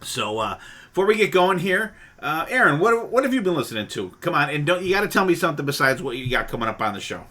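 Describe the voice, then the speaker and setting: A man's voice: on the high side, very animated, fast, sharp tone. A man hosting a podcast in casual chat, rambling with frequent restarts and casual swearing. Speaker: podcast host.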